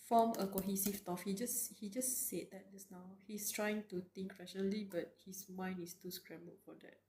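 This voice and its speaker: A woman's voice: medium pitch, steady tone, moderate pace, hardly any pauses, dark tone, echoey room, a little hiss or hum. A woman streamer reading a story aloud live, tearful and reacting emotionally between read lines. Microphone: close desk mic.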